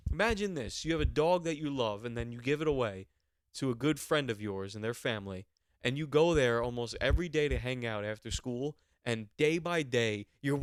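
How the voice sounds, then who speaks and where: A man's voice: medium pitch, no echo, studio quality. A man in his twenties, a podcast host, telling rambling stories in a casual monologue and swearing freely. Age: 20s.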